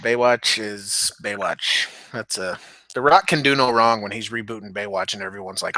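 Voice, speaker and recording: A young man co-hosting a podcast in casual, animated chat, swearing and laughing often. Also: on the low side, normal speed, no echo. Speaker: podcast co-host.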